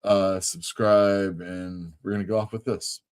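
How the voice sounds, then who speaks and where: A man hosts a casual live comics show in a fairly low voice. He rambles through his thoughts and lets his sentences trail off softly. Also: fairly even intonation, measured pace, clean tone. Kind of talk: casual livestream chat.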